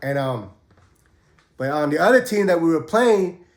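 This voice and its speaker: Man, slightly high voice, casual and profane storyteller, echoey room. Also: lively intonation, moderate pace. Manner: laid-back, profane, acts out quotes in a raised voice. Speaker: host telling prison stories. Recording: roomy echo.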